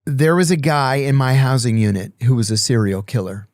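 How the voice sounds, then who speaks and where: A man's voice: mid-range voice, moderate pace, dry recording, studio quality. A middle-aged man, a podcast guest, telling stories in casual conversation and acting out the dialogue. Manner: animated storyteller, acts out dialogue. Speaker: podcast guest, former intelligence officer. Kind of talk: casual storytelling.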